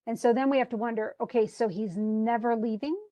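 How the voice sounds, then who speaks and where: A woman's voice: fairly high pitch, steady tone, a little fast, warm tone. A woman teaching a literature class, explaining a poem in a chatty way with frequent restarts. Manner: chatty, restarts often, paraphrases casually. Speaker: English literature instructor.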